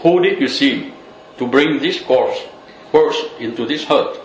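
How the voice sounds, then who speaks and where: A man's voice: medium pitch, a little slow, voice pushed up, lightly acted. A man voicing mean, quarrelsome demons who argue over a corpse in a spoken parable. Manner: argumentative, demanding. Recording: echoey room with faint noise.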